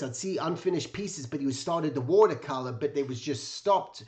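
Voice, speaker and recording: Enthusiastic man with a fairly high voice. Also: a little fast, a little mellow. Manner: enthusiastic, rambling, awestruck. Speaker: illustration teacher and host. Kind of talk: casual spoken storytelling.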